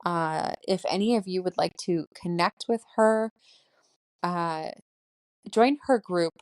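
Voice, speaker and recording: A woman's voice: on the low side, takes it slowly, a little mellow, no echo. A woman in her late thirties hosting a solo spiritual podcast, emotional and laughing often, her voice shaking as she holds back tears. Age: late 30s. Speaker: podcast host.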